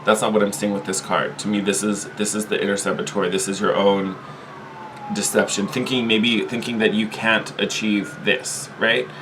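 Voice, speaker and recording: A man giving a casual, chatty tarot reading, animated and quick to laugh, often repeating himself. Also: on the low side, noisy background. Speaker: tarot reader.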